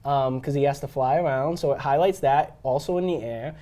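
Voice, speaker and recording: A young man with a middle-range voice talks excitedly about a film on a casual podcast. His sentences wander and he fills them with "like" and "um" while he builds up a scene he loves. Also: mid-range voice, brisk. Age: young adult. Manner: enthusiastic, filler-heavy with lots of "like" and "um". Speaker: podcast co-host. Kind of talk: casual film discussion chat.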